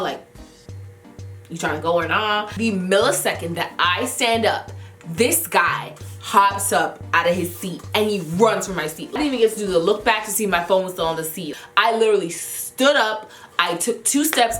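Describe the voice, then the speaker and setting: A young woman vlogger telling a story casually, animated and full of slang, acting out her own reactions. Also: medium pitch. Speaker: beauty vlogger. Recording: roomy echo with faint music.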